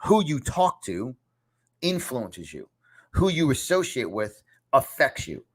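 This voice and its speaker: A man's voice: mid-range voice, very animated, slow pace, slightly rough. Emphatic New York-accented man in his fifties. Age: 50s. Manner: emphatic and repetitive, punchy preacher-like delivery. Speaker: podcast host and success coach. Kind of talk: motivational talk. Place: home studio in a condo.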